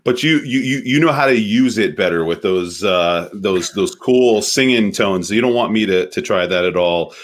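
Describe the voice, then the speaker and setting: Guy with a really deep voice guesting on an online interview, laid back and friendly. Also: normal speed, few pauses.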